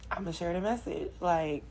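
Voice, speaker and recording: A woman's voice: lowish voice, a little mellow, slight background noise, poor audio. A young woman doing a channeled tarot reading, preaching affirmations with passion and sighing between lines. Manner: impassioned, preachy, repetitive affirmations. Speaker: spiritual card reader.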